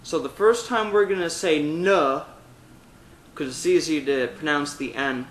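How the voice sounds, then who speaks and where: A man's voice: on the high side, animated, normal speed, echoey room, a little hiss or hum, low-quality recording. A man teaching a vocal technique lesson, talking through exercises step by step. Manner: demonstrates exercises with loud sung vowels and meows. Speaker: singing teacher.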